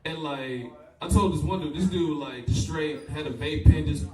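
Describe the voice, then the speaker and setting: A man's voice: a little high, normal speed, a little mellow. A young man from Fort Wayne doing a loose, profane live stand-up set, working the crowd and laughing at his own jokes. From Fort Wayne, Indiana. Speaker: stand-up comedian. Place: comedy club stage. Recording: echoey club recorded from a distance.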